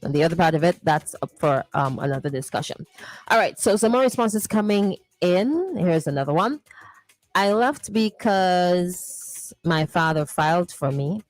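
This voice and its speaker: A woman's voice: fairly low pitch, expressive, moderate pace, dry recording, faint music behind. A woman hosting a morning radio show, playfully reading listener messages and teasing them. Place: radio studio.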